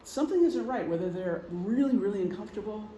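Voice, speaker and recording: Warm and animated, his high voice moves at a quick pace as the middle-aged man addresses a group informally. He leans on examples and frequent ums, and the meeting room sounds echoey with a faint hum.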